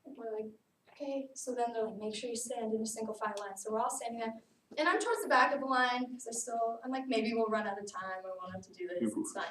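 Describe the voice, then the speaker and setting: A young woman tells a personal story in a speech, her voice high and animated, full of casual "like"s. She sounds a little distant from the mic in an echoey room, with a faint hiss behind her. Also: fast talker. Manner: lively storytelling, often saying "like". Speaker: student speaker. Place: classroom.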